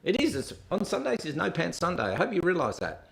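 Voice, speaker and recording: A man's voice: high-pitched, wildly swooping pitch, a little fast, gravelly. A man with an Australian accent hosting a rambling, irreverent reaction stream. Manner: rambling, irreverent, laughing asides. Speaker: host.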